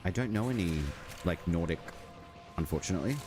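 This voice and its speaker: With a deep voice and a fairly quick pace, a man chats loosely with his viewers while gaming on a live stream. He rambles, dropping "like" constantly, against steady background noise.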